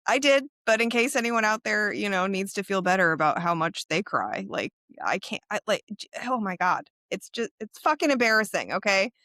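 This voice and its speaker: A woman's voice: mid-range voice, big pitch swings, moderate pace, few pauses, sharp tone, no echo, clean studio sound. A woman co-hosting a podcast in casual chat, candid and laughing often, swearing freely. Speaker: podcast co-host.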